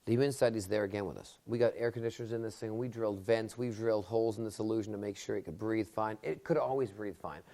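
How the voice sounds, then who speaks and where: A man working as a magician, telling a story in a casual interview with animated, sudden bursts of excitement. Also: lowish voice, fast talker, hardly any pauses.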